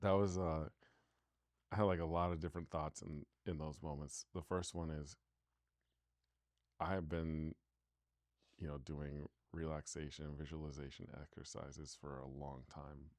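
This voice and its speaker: Male co-host, deep voice, loose rambling chat, dry close sound. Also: little pitch movement, unhurried, long pauses, darkish tone, no room sound. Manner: rambling, full of "like" fillers and restarts. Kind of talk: casual chat.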